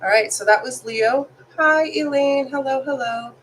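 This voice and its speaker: A woman's voice: sits high, normal speed, fairly bright tone, rough recording. Woman with a cold doing a live tarot stream, chatty and apologetic, faint hum behind. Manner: apologetic, chatty, reads card texts aloud. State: sick, congested. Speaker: tarot reader.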